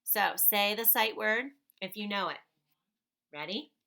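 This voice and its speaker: Woman teacher doing phonics for little kids, slow and patient, sounds out every word, bright voice. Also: medium pitch, creaky. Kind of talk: phonics lesson for young children.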